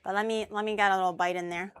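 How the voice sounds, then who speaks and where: A woman's voice: mid-range voice, steady tone, racing, fairly bright tone, clean tone, no echo. A woman streamer chatting casually while tasting food she cooked, bubbly and talkative. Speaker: streamer host. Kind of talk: casual chat while eating.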